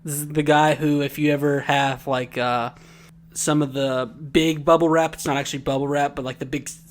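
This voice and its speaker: A man's voice: a little high, little pitch movement, moderate pace. A man co-hosting a podcast, joking and teasing his co-host in casual chat.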